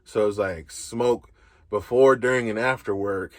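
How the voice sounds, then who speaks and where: A young man casually telling a story, animated, laughing, and swearing freely as he goes. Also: lowish voice, moderate pace, dry recording. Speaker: co-host.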